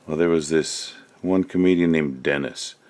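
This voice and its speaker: A man's voice: extremely low pitch, normal speed, darkish tone. A man doing casual crafting commentary at home, rambling and thinking aloud as he works. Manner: rambling, chatty, thinks aloud while working. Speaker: resin crafter.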